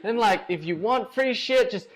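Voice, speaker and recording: A man's voice: high-pitched, lively intonation, moderate pace, voice pushed up. A man doing a drunk, gushing sponsor. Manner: gushing, repetitive, swearing. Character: drunk overexcited male sponsor thanking a rider.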